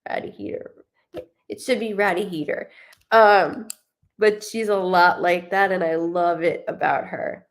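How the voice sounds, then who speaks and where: This young medium speaks unhurriedly in a fairly low voice during a live reading. Chatty and animated, she laughs often and relays what she hears, quoting the spirit in a lively tone.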